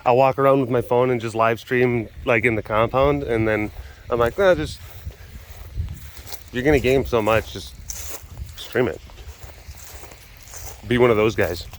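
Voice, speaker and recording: A man's voice: mid-range voice, fairly even intonation, moderate pace, pauses often, a little hiss or hum. A man vlogging at a big cat compound, talking in a rambling, chuckling, self-deprecating way while filming on a phone held close. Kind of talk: casual vlog chat. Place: animal compound, filming through a glass door.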